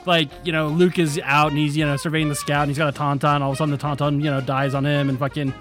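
A man's voice: on the high side, level tone, fast talker, fairly bright tone, faint music behind. A man co-hosting a podcast in casual chat, rambling and laughing as he retells scenes. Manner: rambling, laughs often, acts out voices. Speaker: podcast co-host.

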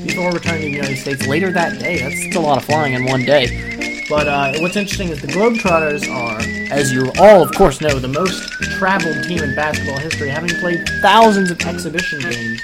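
A man's voice: fairly high pitch, brisk, loud music behind the voice. A man hosting a comedic news podcast, reading items aloud and teasing his co-host.

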